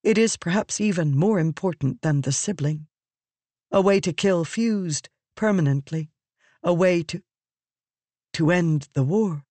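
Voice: mid-range voice, a little mellow, dry recording. A narrator voicing a determined, guarded older woman, speaking tensely through gritted teeth for an audiobook. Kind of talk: audiobook character reading.

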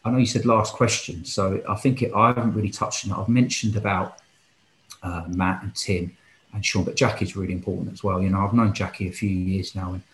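A man who coaches football and futsal, talking earnestly and with passion as a guest in a casual podcast interview, thinking aloud as he goes. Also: fairly low pitch. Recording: roomy echo.

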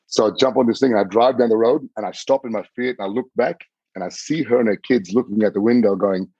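Husky man telling a story. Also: lowish voice, quick pace, warm tone, no echo. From Australia. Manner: vivid, repeats words, swears casually. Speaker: podcast guest. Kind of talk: animated personal storytelling. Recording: slightly muffled dry recording.

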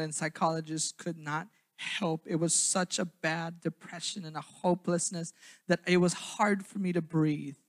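A young man from southern Minnesota preaching a sermon, then telling his own story in a quieter, halting way. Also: on the high side. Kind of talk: sermon with personal testimony.

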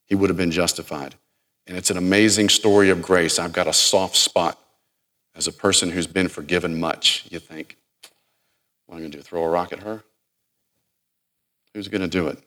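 A middle-aged man preaching a sermon, dramatic, acting out the people in the story and swinging from loud to hushed. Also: sits low. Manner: dramatic, acts out quoted speech, varies loudness widely.

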